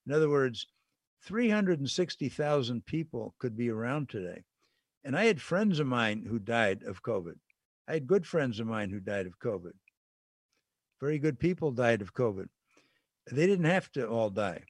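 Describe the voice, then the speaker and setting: A man's voice: mid-range voice, sing-song, moderate pace, breathy edge, no room sound, studio quality. A man hosting a call-in radio show, talking in a conversational, earnest way with some stumbles. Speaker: radio talk show host.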